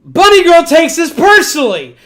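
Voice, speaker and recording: Woman, streamer, high pitch, animated, profane, casual story recap. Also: moderate pace. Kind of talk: casual retelling of an anime plot.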